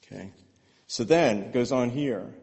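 A male preacher delivers a sermon in an animated, searching way, often tossing back "right?" and repeating phrases for weight. His voice sits at an ordinary male pitch, and it rings out in a big church hall with a long reverb. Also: unhurried, creaky. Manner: animated, with rhetorical questions and repetitions.

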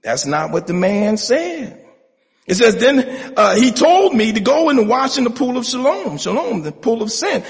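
A middle-aged male pastor preaching a sermon, building to shouted, rhythmic call-and-response passages. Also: high voice, sing-song, moderate pace. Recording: long hall reverb.

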